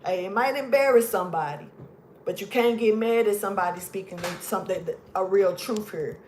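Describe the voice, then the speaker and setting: A woman giving a casual tarot reading, blunt and profane, emphatic, dropping to low mutters. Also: a little fast, darkish tone, slight background noise. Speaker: tarot reader.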